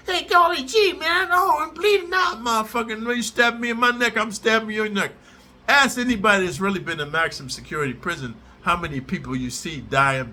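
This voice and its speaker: A man's voice: high voice, pushed and bright. A middle-aged man ranting at his audience in a profane, aggressive and confrontational way, as host of his own channel. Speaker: prison storyteller channel host. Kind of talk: profane direct-to-camera rant.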